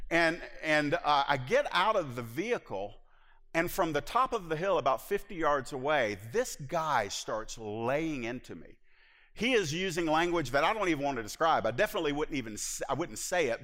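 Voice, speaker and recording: A middle-aged man preaching a sermon as pastor, telling stories in an animated way with laughs and acted-out asides. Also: on the high side. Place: church sanctuary. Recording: hall reverb from a church.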